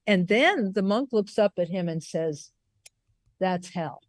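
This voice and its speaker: A woman Buddhist teacher telling a story on a video call, unhurried and given to restarts and repeated words. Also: medium pitch, lively intonation, no room sound, clean studio sound. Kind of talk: storytelling in a recorded conversation.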